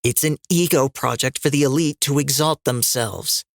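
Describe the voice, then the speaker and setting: A man's voice: medium pitch, normal speed, gravelly, no echo, clean studio sound, natural voice. A man voicing a defiant, fierce woman rebel leader in an audiobook reading, cutting and sarcastic in tone.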